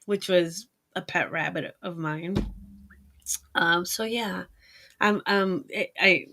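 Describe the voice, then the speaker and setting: A woman from Puerto Rico co-hosting a casual chat show, telling lively stories, acting out quoted voices and laughing often. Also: lowish voice, takes it slowly. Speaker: co-host.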